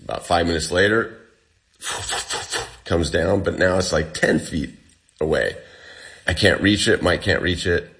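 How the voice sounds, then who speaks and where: A man's voice: low-pitched, unhurried, pauses often, fairly bright tone. A man telling a story in a casual way. He acts out the dialogue and says "like" a lot. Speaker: interview guest.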